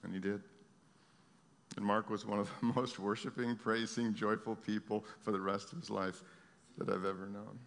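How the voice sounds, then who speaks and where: A man leading a congregation in prayer as a pastor, pleading and repetitive, swelling to urgent cries and dropping to hushed words. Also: fairly low pitch, flat delivery, moderate pace, creaky. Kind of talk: sermon prayer. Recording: long hall reverb with guitar music. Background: soft guitar playing.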